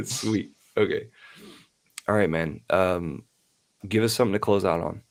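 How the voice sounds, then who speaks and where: A man's voice: low voice, measured pace. A man hosting a casual live chat, rambling and often interrupting himself. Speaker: podcast host.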